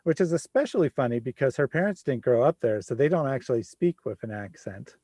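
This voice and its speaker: A man's voice: mid-range voice, animated, fairly quick, warm tone, husky, dry recording. A man in his forties hosting a casual community livestream, chatting easily with guests over a video call. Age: 40s. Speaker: livestream host.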